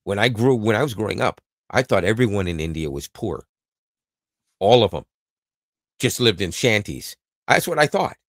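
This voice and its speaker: Lively low-voiced Canadian man chatting. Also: moderate pace, no room sound, studio quality. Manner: rambling, joking, lots of laughs and restarts. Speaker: podcast co-host. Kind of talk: casual chat.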